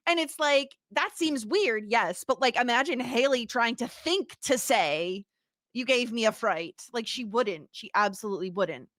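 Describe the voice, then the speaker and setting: A woman's voice: a little high, animated, normal speed, few pauses, a bit bright, no echo, clean studio sound. A woman co-hosting a podcast, chatting about a film in a chatty, giggly way with sarcastic asides. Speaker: podcast co-host. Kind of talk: casual film discussion.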